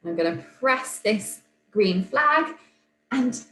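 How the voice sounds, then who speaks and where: A woman's voice: fairly high pitch, animated, slow, fairly bright tone. A woman teacher patiently walking young pupils through a demonstration, step by step. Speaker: primary school teacher. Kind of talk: remote classroom demonstration. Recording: echoey room, faint hum.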